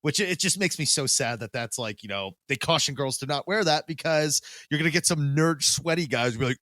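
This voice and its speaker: A man's voice: fairly high pitch, expressive, brisk, hardly any pauses, sharp tone, no room sound. A man co-hosting a podcast in casual chat, rambling with lots of fillers, swearing loosely and laughing often. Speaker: podcast co-host.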